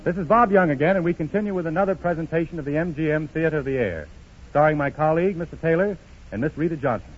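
Brisk 1930s radio host. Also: male voice, a little high. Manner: brisk, formal announcing. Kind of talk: scripted program introduction. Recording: muffled 1930s radio broadcast.

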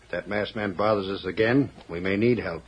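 A man's voice: fairly low pitch, brisk, lo-fi sound, close to an everyday voice. An actor playing an outlaw henchman who puts on a fake Cockney servant act, nervous, in old-time radio drama style. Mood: worried. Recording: hissy old radio recording.

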